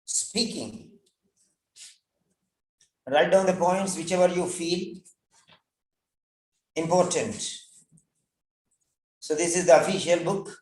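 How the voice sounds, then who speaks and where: A man with a high voice gives an English exam lesson at an unhurried pace. He leans on key words and says them again and again. The sound echoes around the room. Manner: emphatic, repeats key words slowly. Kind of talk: online class lecture.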